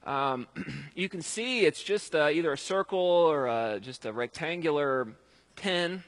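A man's voice: fairly high pitch, animated, measured pace, fairly bright tone. A man preaching a sermon in a conversational, emphatic way, with fillers and restarts.

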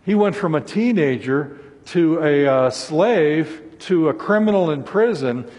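Guy preaching a sermon, kinda husky, slightly high voice, big echoey church sound. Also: animated, measured pace, darkish tone. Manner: earnest, voices scripture laments with rising intensity. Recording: long hall reverb.

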